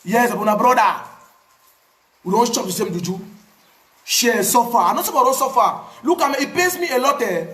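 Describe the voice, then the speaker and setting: A man with a Cameroonian Pidgin English accent tells his own story in a casual, animated way, repeating words for emphasis. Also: sits high, roomy sound. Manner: animated, repetitive, pidgin phrasing. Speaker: activist.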